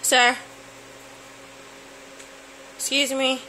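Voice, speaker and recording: A woman's voice: sits high, little pitch movement, very slow, bright, forceful tone, slight background noise, low-quality recording. A woman filming her dog with a handheld camera, teasing and playfully baby-talking to him. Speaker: pet owner vlogger. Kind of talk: casual home video talking to a pet. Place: home and outdoors by the house.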